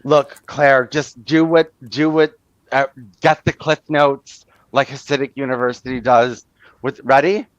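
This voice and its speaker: A stream host with a medium-pitched voice speaks in a level tone at a measured pace during a casual live stream. He's blunt and exasperated, swearing now and then. The sound is dull, lo-fi and dry, with no room sound.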